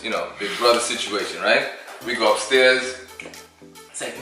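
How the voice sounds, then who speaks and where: A man's voice: medium pitch, moderate pace, pushed and bright, very echoey, soft background music. A man with a New York accent, a chef and co-host telling a story in a casual, teasing way full of street slang. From New York City.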